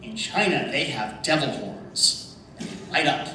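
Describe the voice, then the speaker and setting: A man telling lively anecdotes to a convention panel audience, often laughing. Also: a little high, unhurried. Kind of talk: storytelling at a panel. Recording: echoey hall from far off, background noise.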